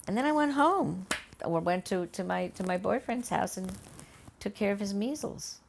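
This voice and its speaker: Gravelly older woman telling a story. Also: medium pitch, moderate pace, slight background noise. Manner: animated, acts out quoted voices, many restarts. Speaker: oral history interviewee. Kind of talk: conversational storytelling. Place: her home.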